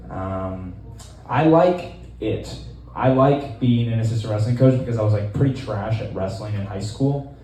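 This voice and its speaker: A man in his twenties doing a stand-up set in a small club, deadpan and rambling, with lots of fillers. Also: on the low side, moderate pace, heavy reverb, distant mic, low-quality recording. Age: 20s. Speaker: stand-up comedian.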